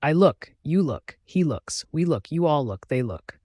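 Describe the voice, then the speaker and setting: A man voicing a crazed young male cabin boy in an audiobook, with high, singsong muttering. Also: very animated, a little slow, warm tone, dry recording, clean studio sound. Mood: chanting.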